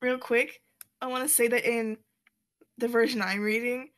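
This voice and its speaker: Chatty young woman recapping a comic. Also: a little high. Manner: brisk, chatty, quotes characters with lively voices. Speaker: podcast co-host. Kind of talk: casual comic retelling.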